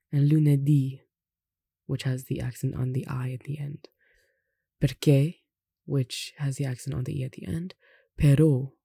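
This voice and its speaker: Gravelly, dark-voiced language tutor. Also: mid-range voice, dry recording, studio quality. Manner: unhurried, slowly spells out examples, adds light asides. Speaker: language tutor reading a lesson. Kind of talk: reading an instructional text aloud.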